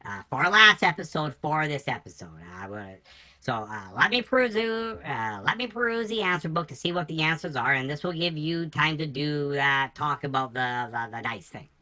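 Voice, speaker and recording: A woman's voice: low voice, lively intonation, normal speed, sharp tone. A woman hosting a quiz segment in a casual, teasing way, with chatty asides to her co-host.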